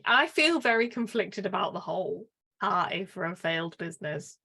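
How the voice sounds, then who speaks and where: A woman's voice: medium pitch, lively intonation, normal speed, gravelly, bright, forceful tone, slightly rough. Wry, opinionated woman podcaster. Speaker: podcast co-host. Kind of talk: casual chat.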